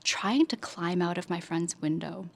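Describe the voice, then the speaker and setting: Brief: woman guest sharing her own story, hesitant and soft-spoken, lowish pitch. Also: unhurried, creaky. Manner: hesitant, with many restarts and soft asides. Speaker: podcast guest recounting her own experience. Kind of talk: personal recollection in casual talk.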